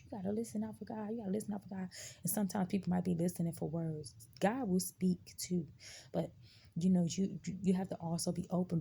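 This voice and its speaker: Gravelly, dark-voiced woman giving testimony. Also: fairly low pitch, slight background noise. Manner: emphatic, conversational, addresses viewers directly. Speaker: live-stream host sharing faith testimony. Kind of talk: casual live-stream testimony.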